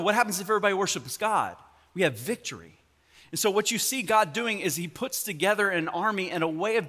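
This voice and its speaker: A man's voice: high voice, bright, forceful tone. A man preaching a sermon as pastor, telling the story with sarcastic humor in a church. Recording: long church hall reverb.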